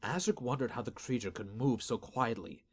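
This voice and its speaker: A man giving steady, measured scripted narration of a fantasy audiobook. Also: medium pitch.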